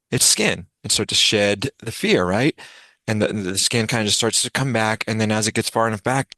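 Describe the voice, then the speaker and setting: Male meditation host, low voice, dry call audio, rambling and repetitive. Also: fairly bright tone, no echo. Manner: rambling, repeats words, acts out quoted voices. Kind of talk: casual group sharing on a video call. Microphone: video call.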